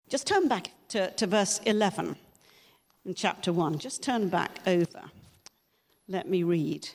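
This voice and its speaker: Lively woman preaching in a reverberant church. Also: mid-range voice. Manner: lively, expressive storytelling with emphatic voiced quotes. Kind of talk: sermon with scripture reading. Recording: long hall reverb.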